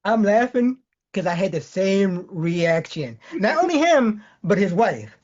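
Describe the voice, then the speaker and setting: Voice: mid-range voice, sing-song, a little slow, darkish tone, highs cut off. A podcast co-host in casual chat, hesitant and stammering, often laughing.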